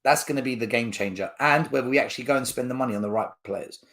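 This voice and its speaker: A man's voice: mid-range voice, fast, a bit bright. A man hosting a football fan channel, ranting to camera in a blunt, argumentative way. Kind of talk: fan opinion rant to camera.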